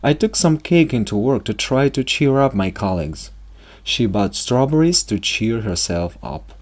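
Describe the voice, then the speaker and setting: A man gives a bilingual English lesson into a close mic. His voice moves lively up and down in a middle pitch. He reads example sentences slowly and clearly, then explains them quickly. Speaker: English teacher.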